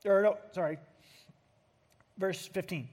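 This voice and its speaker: Brief: a male preacher giving a conversational, animated sermon, high-pitched. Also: slow pace. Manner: conversational and animated, with frequent restarts.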